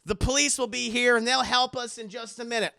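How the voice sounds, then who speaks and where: A man voicing a frightened young woman in a shrill, panicked falsetto. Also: fairly even intonation, fairly quick, creaky, bright, forceful tone, clear, resonant tone, full character voice.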